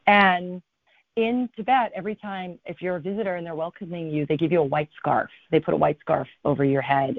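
A woman, a guest in an interview, telling a travel story in an animated way and acting out what people said. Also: sits low, dry recording. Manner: animated storyteller, acts out quotes. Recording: thin phone-like line, dry.

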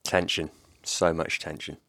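A man hosts a football discussion, reading links in a light, measured way. His voice is very deep. The sound is dry and close to the mic. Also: flat delivery, fairly bright tone, dry recording. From half Welsh. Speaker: presenter. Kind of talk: scripted sports presenting.

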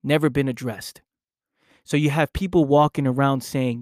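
A man hosting his own podcast, talking slowly and deliberately in a reflective monologue, often repeating phrases for emphasis. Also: mid-range voice, fairly even intonation, a little mellow, dry recording, clean studio sound. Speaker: podcast host, personal coach.

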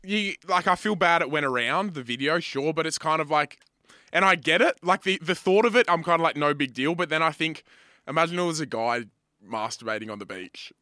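A laid-back man trading stories as a podcast co-host and swearing freely. His voice is bright and forceful. The sound is dry, with no room echo. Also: fairly high pitch, animated, fairly quick. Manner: laid-back, swears casually, says bro. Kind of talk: casual chat.

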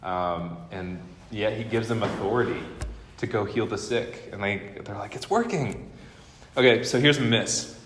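A young man giving a guest teaching at a training school, telling stories in an animated way and acting out what people said. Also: on the low side, normal speed, a little hiss or hum. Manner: animated storyteller acting out quotes. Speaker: guest lecturer. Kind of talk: storytelling sermon. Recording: echoey hall with long reverb.

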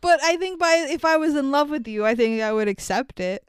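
A woman's voice: high-pitched, animated, fairly quick, no echo. A woman in her thirties co-hosting a casual podcast, retelling a movie with frequent laughs and swearing. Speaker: podcast co-host. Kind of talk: casual movie recap chat.

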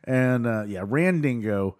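A man's voice: mid-range voice, lively intonation, slow, a little mellow. A man co-hosting a casual podcast, retelling scenes with many fillers and laughs. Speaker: podcast co-host recapping a show. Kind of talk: casual chat.

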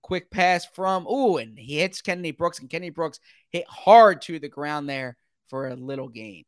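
A man calling football play-by-play in a brisk, running commentary style that climbs quickly when big plays happen. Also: fairly high pitch, no echo, studio quality. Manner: brisk, rising sharply with excitement at big plays. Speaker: play-by-play announcer.

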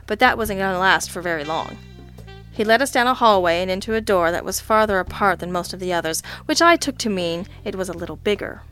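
Female narrator for a detective audiobook, dry and wry, mid-range pitch. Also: fairly bright tone. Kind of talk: audiobook reading of a detective story.

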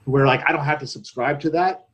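Man, thirties, gym coach on a podcast; earnest, rambling delivery that slips into quoted back-and-forth, mid-pitched voice. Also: brisk, a bit bright, poor audio. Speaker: jiu-jitsu coach and gym owner. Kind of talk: casual podcast conversation.

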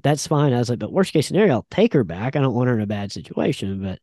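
A man's voice: mid-range voice, animated, quick pace, dark tone, no room sound. A man telling a story in a laid-back, rambling way, with lots of fillers. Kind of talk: casual chat.

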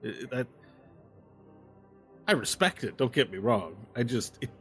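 A man's voice: medium pitch, very animated, measured pace, a bit bright, faint music behind. A man playing a chatty immortal devilish barfly. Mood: boastful. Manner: chatty, rambling, tipsy.

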